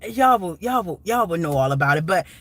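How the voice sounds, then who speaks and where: A woman's voice: lowish voice, animated, a little fast, fairly bright tone, no echo. Woman rambling on a live stream, emotional, keeps restarting her sentences. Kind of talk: casual live-stream monologue.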